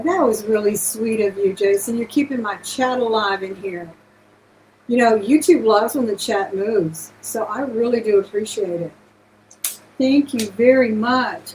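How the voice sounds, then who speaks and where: Brief: effusive woman hosting a live online sale, a touch high-pitched, chatty and grateful. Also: a little mellow, a little hiss or hum, low-quality recording. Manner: effusive, gushing thanks to viewers. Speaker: live-stream auction host. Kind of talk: casual live-stream selling chat.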